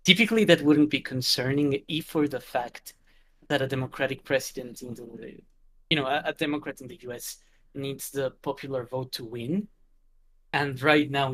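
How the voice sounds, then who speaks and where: Male co-host, mid-range voice, halting and thoughtful delivery. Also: medium pitch, a bit bright. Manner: hesitant, restarts, laughs often. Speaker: podcast co-host. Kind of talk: casual political chat.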